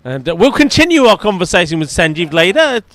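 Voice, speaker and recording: A man's voice: high-pitched, sing-song, fairly quick, a bit bright, slight background noise. A man giving live, chatty commentary at a cricket match, bantering with the fielders near him. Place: outdoors at a cricket ground.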